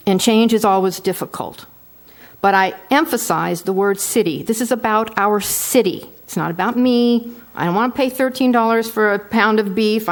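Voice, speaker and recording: A woman in her sixties, a board member giving a firm, persuasive statement at a public meeting. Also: medium pitch. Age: 60s.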